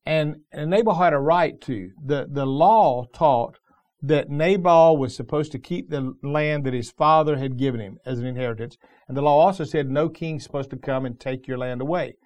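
Higher-voiced middle-aged male pastor preaching. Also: moderate pace, darkish tone. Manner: conversational storytelling with frequent restarts. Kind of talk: sermon.

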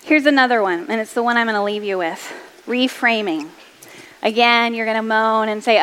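A woman's voice: a little high, a little fast, a bit bright, smooth, in a large hall. A woman around forty giving an upbeat motivational talk to mothers, chatty and self-deprecating, laughing easily. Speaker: speaker addressing mothers.

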